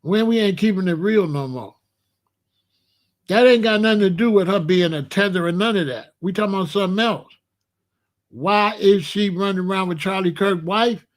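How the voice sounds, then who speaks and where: A man from Chicago hosting a blunt, profane commentary rant. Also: high-pitched. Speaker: host.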